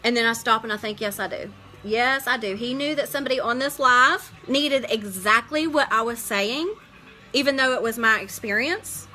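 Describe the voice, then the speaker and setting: A woman's voice: on the high side, moderate pace, pushed and bright, soft background music, poor audio. Chatty middle-aged woman streaming makeup live. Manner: chatty and heartfelt, greets viewers by name.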